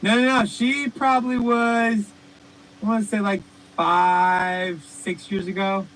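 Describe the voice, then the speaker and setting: A man's voice: high voice, slow pace, a little hiss or hum, poor audio. A man co-hosting a podcast, telling rambling, profane stories in casual comedic chat. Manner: rambling, profane, animated storytelling. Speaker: podcast co-host.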